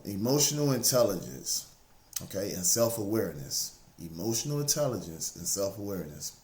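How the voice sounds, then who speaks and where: In a casual motivational talk on self-improvement, a motivational speaker with a lowish voice talks in a relaxed, conversational way, circling back to repeat his key phrases to drive points home. His faith comes up plainly as he encourages the listener, and the audio sounds roomy and echoey.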